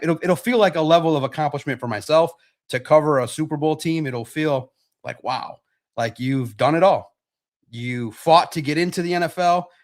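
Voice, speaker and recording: A middle-aged man hosting a casual sports livestream, answering chat questions in a rambling way and often repeating himself as he thinks out loud. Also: mid-range voice. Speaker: sports podcast host reading chat questions.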